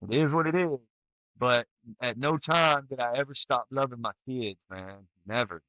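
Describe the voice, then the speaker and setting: Blunt, bright-voiced veteran man. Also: mid-range voice, moderate pace, no room sound, dull audio. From United States. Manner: blunt, profane, storytelling with animated quoted outbursts. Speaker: guest, retired Army sergeant first class. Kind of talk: candid casual interview.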